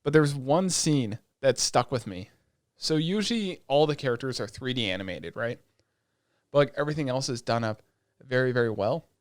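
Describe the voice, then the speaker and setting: A man with a mid-pitched voice recaps episodes on a podcast, sounding dry and close to the mic. He rambles in a profane, filler-heavy way and slips into the characters' quoted lines as he goes. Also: moderate pace, dry recording. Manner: loose, profane retelling with lots of fillers; animated storytelling that acts out quoted lines. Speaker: podcast co-host. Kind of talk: casual chat.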